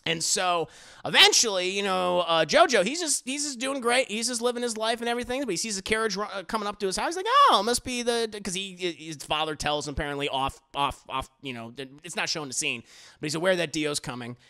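A male reviewer recapping an episode with a profane, excitable delivery. His voice is high and bright, with a gravelly edge. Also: fast talker. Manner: profane, excitable, laughs often.

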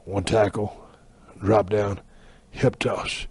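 A man putting on the voice of a gruff male horsefly that calls out wrestling moves in a low grumble. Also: level tone, slow, a little mellow, no room sound. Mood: bossy.

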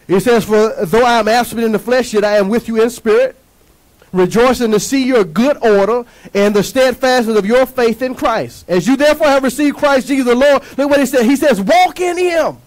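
A man preaching a sermon as pastor, emphatic and lively, asking the congregation to answer back. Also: extremely high pitch, a little fast, rough recording.

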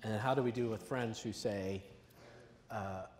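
A man's voice: on the low side, measured pace, a little mellow. A man moderating a conference panel, talking in a jokey, teasing, conversational way. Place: large conference hall. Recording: echoey hall, faint noise.

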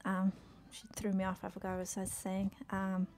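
A woman's voice: mid-range voice, monotone, moderate pace, a little mellow, soft background music. A woman streaming a video game, chatting with her chat and swearing when things go wrong. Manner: swears often, exclaims in frustration; chatty, reads chat aloud and answers it. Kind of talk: casual gameplay commentary.

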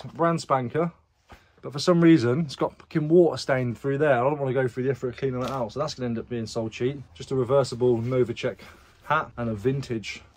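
A young British man chatting casually about his resale sales, swearing now and then and reading buyer messages aloud. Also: medium pitch. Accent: British English. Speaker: reseller vlogger. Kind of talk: casual chat.

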